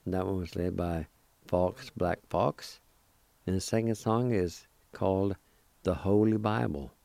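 A male radio host giving a language lesson, spelling and pronouncing words slowly and deliberately. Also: low voice, creaky, dark tone, no echo.

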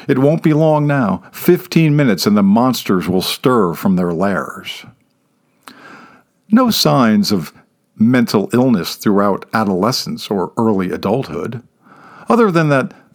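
Measured male storybook narrator. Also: on the low side. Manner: measured, dropping to a whisper for dark asides. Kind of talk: scripted narration.

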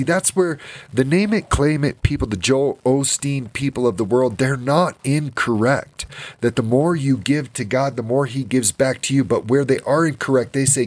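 A man's voice: mid-range voice, no echo. A man giving an informal Bible study sermon, passionate and emotional, teary and repeating phrases for emphasis. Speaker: Bible teacher.

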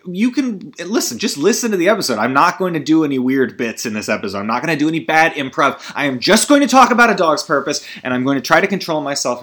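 Rambling, self-deprecating male podcast host. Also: a little high. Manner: rambling, self-deprecating, swings between loud outbursts and mumbling. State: weary, feeling low. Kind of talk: solo comedy podcast monologue.

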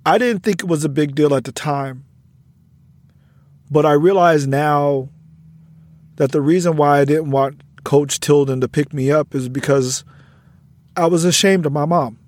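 A man's voice: on the high side, a little slow, long pauses, a little mellow, dry recording. Earnest man telling a podcast story. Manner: reflective, earnest, gets emotional. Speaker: podcast host, educator.

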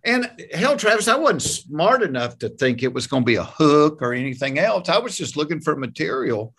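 A man's voice: fairly high pitch, normal speed, creaky, hardly any pauses, breathy edge. A man from Georgia with a Southern US accent, a comedian guest telling stories in a plainspoken, folksy way during a casual interview. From Georgia, USA. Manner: folksy, plainspoken, animated anecdotes.

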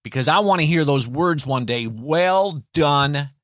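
A man's voice: medium pitch, no echo, studio quality. An older man preaching an encouraging sermon, chuckling often and stretching words out for emphasis. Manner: lively, chuckling, drawn-out emphasis. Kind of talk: inspirational sermon.

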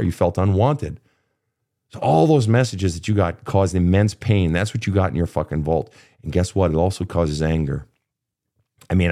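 A deep, mellow male voice belongs to a therapist host in his fifties. In an emotional coaching session, he guides a guest through childhood pain bluntly, profanely and with real passion.

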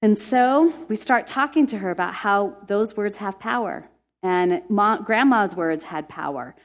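A woman's voice: medium pitch, measured pace. Earnest woman telling a faith story. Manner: earnest, emotive, laughs when excited. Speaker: Christian speaker.

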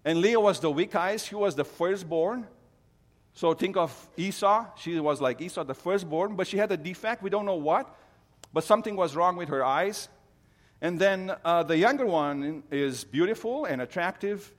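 A middle-aged man preaching, his voice sitting a little high for a man. He tells the story earnestly, often stumbling and restarting mid-phrase. His words ring out with a long reverb, as in a large hall. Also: animated, normal speed. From Romania. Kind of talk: sermon on a Bible story.

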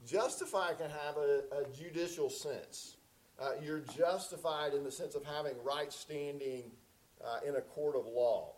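A man's voice: on the high side, unhurried, darkish tone, a little hiss or hum, low-quality recording. A man preaching a sermon as pastor in a conversational, folksy way with many fillers.

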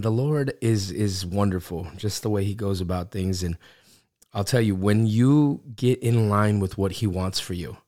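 Middle-aged male Bible-study podcast host, low voice, chatty and rambling, dry close sound. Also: a little mellow, dry recording. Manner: upbeat and rambling, with frequent restarts. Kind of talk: casual devotional podcast talk. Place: home recording studio.

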